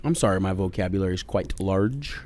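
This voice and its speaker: A man's voice: deep voice, a little fast, a little mellow, slight background noise. Joking, profane podcast co-host man. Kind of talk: casual podcast banter. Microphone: studio podcast mic.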